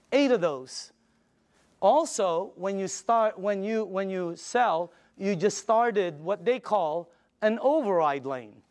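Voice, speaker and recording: An older man giving a sales pitch, enthusiastic and emphatic, telling stories to his audience. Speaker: sales presenter.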